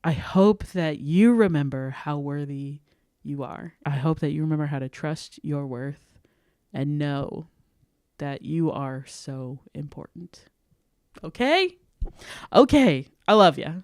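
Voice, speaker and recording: Brief: young female podcast host, heartfelt, low-ish smooth voice, close dry mic. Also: measured pace, a little mellow, no room sound. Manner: heartfelt and earnest, laughing often. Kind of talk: encouraging self-worth talk.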